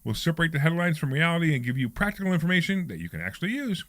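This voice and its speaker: Fast, animated radio host man. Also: fairly high pitch, dry recording. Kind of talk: lively radio talk show banter. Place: radio studio. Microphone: studio microphone.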